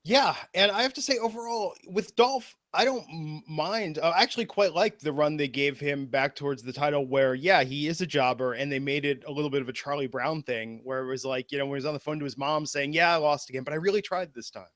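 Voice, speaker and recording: A man's voice: on the high side, fairly quick, hardly any pauses, a bit bright, dry recording, clean studio sound. A man hosting a casual wrestling podcast, steering the talk and turning questions over to his co-hosts. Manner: leads the talk and hands the floor to co-hosts. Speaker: podcast host.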